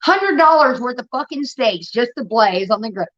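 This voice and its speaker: A young woman telling rambling, profane stories in casual chat, getting animated as she retells them. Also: fairly high pitch, normal speed. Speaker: show host. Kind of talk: casual storytelling rant. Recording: dull lo-fi stream audio.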